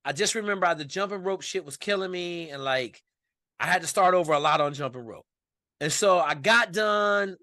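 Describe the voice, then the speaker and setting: Bright, blunt-talking man telling a story. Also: high-pitched, moderate pace, no room sound, studio quality. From Washington state. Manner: animated, profane, blunt. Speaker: podcast guest. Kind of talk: casual storytelling.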